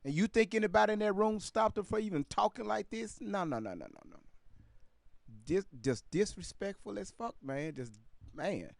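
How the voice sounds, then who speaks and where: A man's voice: high-pitched, expressive, moderate pace, vocal fry, no room sound. Profane man doing casual commentary. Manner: loose, profane, talks straight to viewers. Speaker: commentary channel host.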